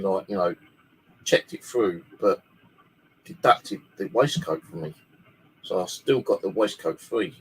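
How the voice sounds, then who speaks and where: A man's voice: sits low, a little hiss or hum, low-quality recording. A man from the UK, telling a long story in a casual, rambling way and swearing freely, speaking alone in his bedroom. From United Kingdom. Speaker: paranormal channel host.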